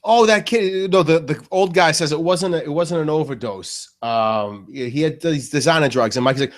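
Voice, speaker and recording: A man's voice: on the high side, moderate pace. A man co-hosting a casual TV recap chat, speaking conversationally and quoting lines in a raised voice. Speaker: podcast co-host.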